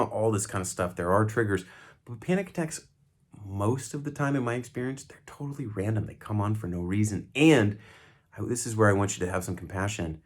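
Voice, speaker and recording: A middle-aged man, an emergency doctor, calmly explaining to camera how to help someone through a panic attack, softening his voice when he shows how to soothe them. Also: fairly low pitch. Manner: calm, explanatory, slows and softens when modeling soothing speech. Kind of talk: educational talk to camera.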